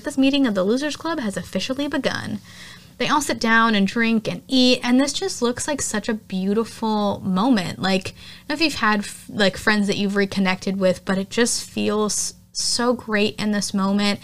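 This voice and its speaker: A woman hosting a podcast, chatting casually through a horror movie recap, often quoting characters in lively voices. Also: mid-range voice. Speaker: podcast host.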